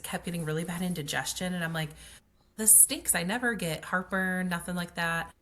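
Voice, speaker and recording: Speaking as a guest, a pelvic floor occupational therapist relaxes into a personal story told conversationally. Her fairly low voice is chatty, sprinkled with "like," and she often acts out quoted dialogue.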